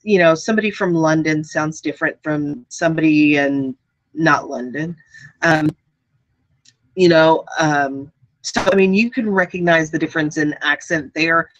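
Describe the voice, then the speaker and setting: A woman's voice: low-pitched, moderate pace, a bit bright, dry recording, low-quality recording. A woman with a Midwestern accent and a faint Southern trace, chatting casually with viewers, rambling with many ums and restarts. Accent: American Midwest, faint Southern. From United States. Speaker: vlogger. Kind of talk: casual live chat.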